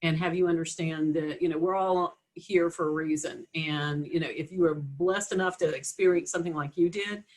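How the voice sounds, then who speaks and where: A woman's voice: deep voice, steady tone, normal speed, hardly any pauses, darkish tone. A woman hosting a casual interview, thinking aloud in a hesitant, reflective way. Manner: thoughtful, hesitant, with "uh" and "you know". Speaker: interview host.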